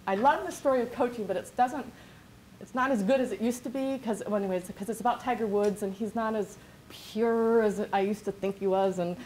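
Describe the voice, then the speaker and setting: A woman's voice: mid-range voice, fairly quick, darkish tone, slight background noise. A woman business coach giving a workshop talk in a chatty, rambling way, full of restarts and quoted asides. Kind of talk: workshop presentation. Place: classroom.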